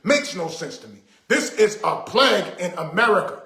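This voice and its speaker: A middle-aged man with a fairly high voice delivers an indignant, preachy rant straight to camera, hammering his points home by repeating them. The sound bounces around an echoey room. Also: animated, normal speed, creaky, sharp tone. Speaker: vlogger. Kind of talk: ranting monologue to camera.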